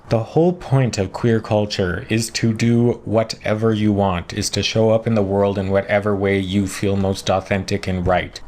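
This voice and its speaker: A man hosting a reaction commentary, talking casually with sarcastic, animated interjections. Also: on the low side. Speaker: commentary host reacting to a clip.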